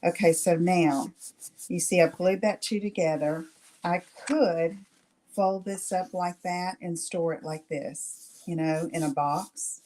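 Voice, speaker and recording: A woman's voice: fairly low pitch, steady tone, takes it slowly, a little mellow. A middle-aged woman hosting a live craft demonstration, chatting with viewers and checking in with "okay?" after each step. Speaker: craft tutorial host.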